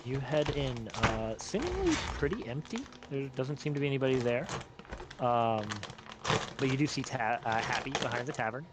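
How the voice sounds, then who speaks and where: A man's voice: mid-range voice, big pitch swings, moderate pace, very noisy. Casual male game master. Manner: casual, hesitant, many fillers. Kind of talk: narrating a tabletop game.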